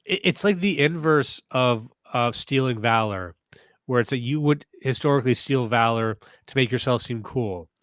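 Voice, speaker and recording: A man's voice: mid-range voice, moderate pace, a bit bright, dry recording. A man hosting a comedy podcast, riffing sarcastically in a casual rant and reading posts aloud in mock voices. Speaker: podcast host.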